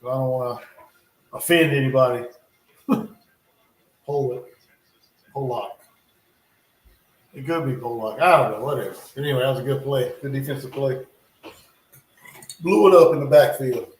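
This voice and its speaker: Hosting a relaxed livestream from home in North Carolina, this man reacts to a football game as it unfolds, offering talkative play-by-play and under-the-breath remarks. His mid-range voice runs a little fast with frequent pauses, and the room echoes.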